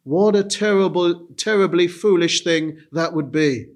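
A man's voice: high voice, unhurried. A man preaching a sermon, earnest and pleading, repeating key phrases for emphasis. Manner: earnest, repetitive pleading delivery.

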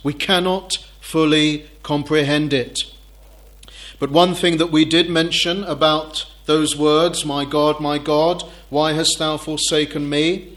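A man preaching through a passage of scripture at an unhurried, deliberate pace. His voice sits slightly high for a man, and he keeps posing rhetorical questions to his listeners. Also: flat delivery, fairly bright tone. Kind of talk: expository sermon.

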